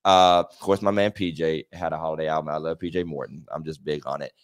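A man co-hosting a casual podcast conversation, joking and animated, often breaking into laughter. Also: rumbling low, fast. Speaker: podcast co-host. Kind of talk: casual chat.

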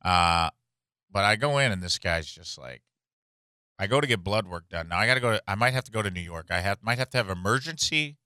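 A man's voice: lowish voice, animated, brisk, sharp tone, clear, resonant tone, no room sound, clean studio sound. A man on a casual comedy podcast, ranting and swearing as he tells a story and mocks people in impressions. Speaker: podcast co-host.

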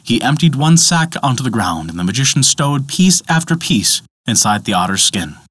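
A man narrating a myth in a dramatic, expressive storytelling style. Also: mid-range voice, normal speed, husky, dry recording, clean studio sound.

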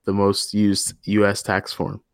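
Young male cohost, low dry voice, joking and teasing. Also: monotone, a little slow, smooth, no echo. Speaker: podcast co-host. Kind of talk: casual chat.

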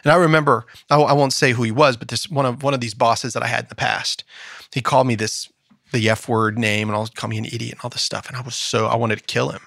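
A man co-hosting a podcast in a studio, telling personal stories in a casual, animated way and acting out what others said. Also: medium pitch, fast, vocal fry, dry recording. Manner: animated storyteller, acts out quoted voices. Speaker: podcast co-host.

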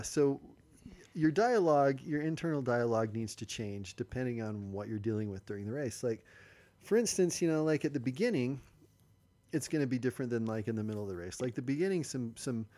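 A man's voice: medium pitch, mellow. Man explaining like a coach. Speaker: podcast host. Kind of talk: casual podcast chat.

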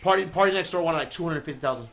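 A man's voice: a little high, racing, gravelly, fairly bright tone. A man telling a rambling story in a casual podcast chat, his voice often trailing off. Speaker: podcast regular.

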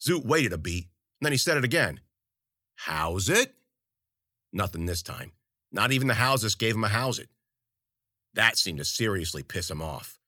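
A man's voice: lowish voice, very animated, fairly quick, sharp tone, no echo, clean studio sound. A man narrating a story in first person, with wry, colloquial and profane delivery. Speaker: audiobook narrator.

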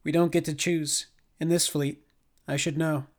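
A man voicing a small, nonchalant woman engineer who talks in a flat monotone. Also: sits low, normal speed. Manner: deadpan, detached.

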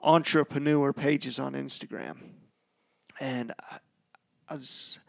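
A man's voice: medium pitch, steady tone, slow pace, vocal fry. A man hosting a casual podcast, talking in a laid-back way and calling his co-host dude and bro.

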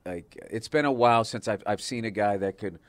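A comedian guest from the Boston area chats casually, rambling through stories packed with fillers and swearing. His voice is lowish and brisk, recorded with no room sound.

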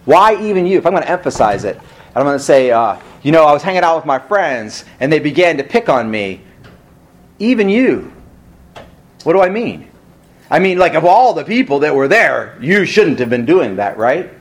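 A man's voice: a little high, very animated, fairly quick. A male pastor preaching a sermon in a conversational way, asking rhetorical questions and rising for emphasis.

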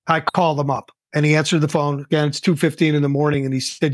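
Lively older man telling a story. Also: a little high, fast talker, few pauses, no room sound, clean studio sound. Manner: animated, acts out quoted dialogue. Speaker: guest, entrepreneur. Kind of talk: casual interview storytelling.

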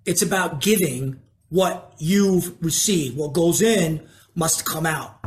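A preacher teaching a sermon in a conversational way, asking the congregation questions and moving between slow emphasis and quick asides. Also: medium pitch.

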